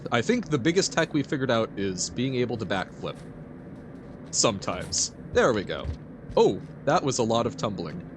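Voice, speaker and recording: A man's voice: mid-range voice, very animated, moderate pace, noisy background. A man streaming a video game, chatting casually and reading chat aloud with frequent giggles. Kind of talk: casual gameplay commentary.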